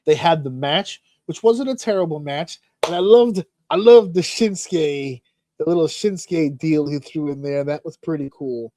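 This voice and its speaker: A man's voice: a little high, moderate pace. A man hosting a podcast in casual chat, telling stories animatedly and swearing often. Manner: animated, profane storytelling with acted-out shouts. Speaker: podcast host.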